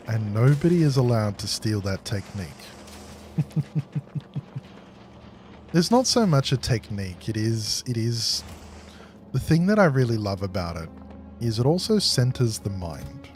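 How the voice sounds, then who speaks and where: A man streaming a game, chatting casually with viewers in a slow, calm voice that he pitches from the chest. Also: soft background music. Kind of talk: casual live-stream chat.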